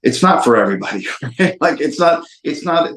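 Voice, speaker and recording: A man's voice: fairly high pitch, lively intonation, a little fast, fairly bright tone. Emphatic man telling a story, roomy sound. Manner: emphatic, repeats phrases for stress. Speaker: documentary filmmaker guest. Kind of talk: storytelling interview.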